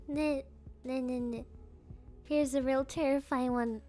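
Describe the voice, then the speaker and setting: High-voiced playful woman streamer. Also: fairly even intonation, takes it slowly, mellow, faint music behind. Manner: playful, giggly, trips over tongue twisters; mixes in Japanese fillers. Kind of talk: casual stream chat.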